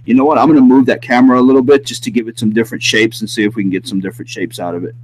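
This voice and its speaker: A man hosting a paranormal livestream who talks excitedly, repeats himself and questions the spirits. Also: mid-range voice, very fast, low-quality recording. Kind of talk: live stream commentary during spirit session. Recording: loud background noise.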